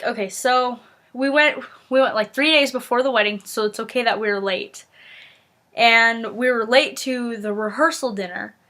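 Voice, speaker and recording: A woman's voice: a little high, fairly bright tone. A young woman vlogger rambling through a family story in casual talk, full of "like" and restarts, acting out the lines of the people in it. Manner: rambling, lots of "like" and restarts, acts out quotes.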